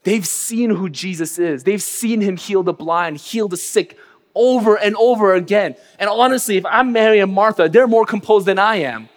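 A man preaching a sermon as pastor, earnest, sinking to a hushed low voice on grief and rising sharply for emphasis. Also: moderate pace, long reverb tail.

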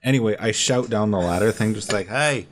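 A man's voice: fairly low pitch, brisk. A man playing a tabletop game, theatrical as he slips in and out of character. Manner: theatrical, swinging into character lines. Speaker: player. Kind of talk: casual tabletop role-play.

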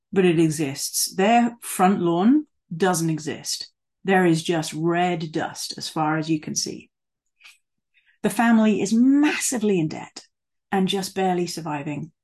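A woman delivers a sermon as if chatting with her congregation, scattering fillers and asides. Her voice sits low and sounds husky. She slows down and presses on words she wants to land. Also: darkish tone. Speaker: preacher.

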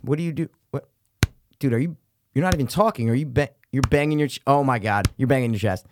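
A man's voice: medium pitch, quick pace, noisy background. A man co-hosting a podcast, bantering and joking with plenty of swearing. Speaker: podcast co-host. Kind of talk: casual chat.

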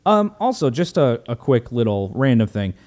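A man casually recapping a movie as a podcast host, animated, joking and profane. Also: mid-range voice, moderate pace. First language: Italian heritage, speaks English.

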